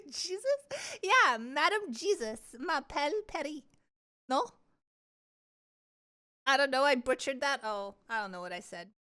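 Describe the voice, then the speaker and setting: A woman's voice: sits high, expressive, unhurried, long pauses, sharp tone. A young woman streamer chatting casually with her live chat, playful and giggly, trying out words with a mock French accent.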